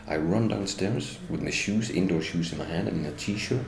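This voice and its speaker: In a very low, gravelly voice at normal speed with few pauses, a middle-aged man from Norway recounts his experience in English, Norwegian being his first language. He's bitter and indignant, repeatedly accusing the police to their face. The sound echoes in the room, with faint ambience and slight hiss or hum.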